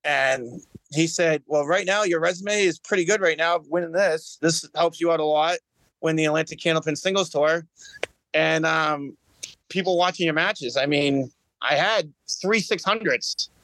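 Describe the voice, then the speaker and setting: A man's voice: fairly high pitch, moderate pace, fairly bright tone, dry recording. Earnest man repeating himself. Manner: earnest, self-interrupting, repeats words. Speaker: guest, bowling champion. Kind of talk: casual podcast chat.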